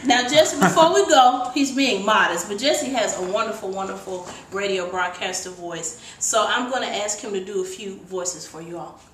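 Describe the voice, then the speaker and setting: A woman hairstylist hosts a relaxed tutorial, chatting as she explains each step. Her voice sits mid-pitch. The salon adds a roomy echo. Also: moderate pace, few pauses, slight background noise. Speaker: hairstylist, host. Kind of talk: casual hair tutorial. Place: hair salon indoors.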